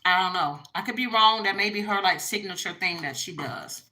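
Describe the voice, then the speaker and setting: Chatty woman, bright voice, blunt casual tarot reader. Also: medium pitch, a little fast, poor audio. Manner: chatty, blunt, frequent fillers. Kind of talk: casual tarot reading to viewers.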